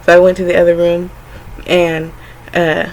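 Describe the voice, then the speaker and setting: A young adult woman speaks to camera in a slightly low voice, telling her own story in a loose, rambling way. She is frank and chatty, scatters fillers through every sentence, and slips into quoted voices of her younger self and her parents. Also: monotone, moderate pace, darkish tone, a little hiss or hum, poor audio. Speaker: vlogger. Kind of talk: casual personal storytelling to camera.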